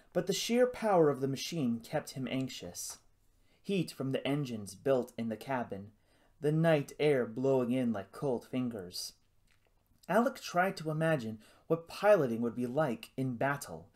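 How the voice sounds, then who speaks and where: Animated male audiobook narrator. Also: mid-range voice. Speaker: audiobook reader.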